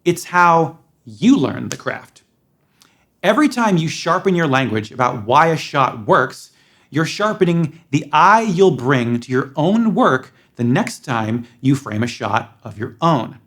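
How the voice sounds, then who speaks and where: A man's voice: a little high, big pitch swings, a little slow, a bit bright. A man giving an explanatory lesson to film students, talking with emphasis. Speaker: film instructor.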